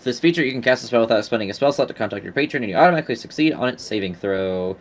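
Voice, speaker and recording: A man's voice: medium pitch, animated, rapid-fire. A man running a tabletop game as game master, talking casually with profane asides.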